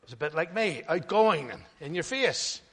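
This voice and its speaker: An older man preaching a sermon as pastor, emphatic, swinging between loud stresses and hushed asides. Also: fairly high pitch, big pitch swings, normal speed. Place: church hall. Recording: long hall reverb.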